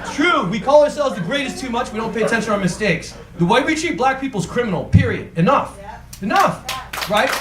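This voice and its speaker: A man performing a stand-up comedy set on a club stage, ranting through punchlines and acting out his friends' voices. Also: very high-pitched. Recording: echoey club room with crowd noise.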